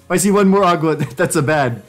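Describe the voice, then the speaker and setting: Animated young man streaming with jokey banter. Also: a little fast, soft background music. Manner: jokey, excitable, laughing self-commentary with sudden pitch jumps. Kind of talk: casual live-stream chat while doing language drills.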